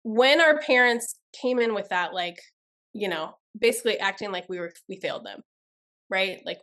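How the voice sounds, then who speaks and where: A woman's voice: medium pitch, normal speed, fairly bright tone. Woman therapist guest on a podcast, blunt, emphatic, explanatory. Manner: emphatic, blunt, talks through examples. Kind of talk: podcast interview.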